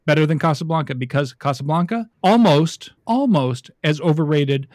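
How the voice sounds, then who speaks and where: A man's voice: a little high, expressive, normal speed, a little mellow, no echo, clean studio sound. A man co-hosting a podcast, talking in a blunt, opinionated, profane way. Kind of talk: casual chat.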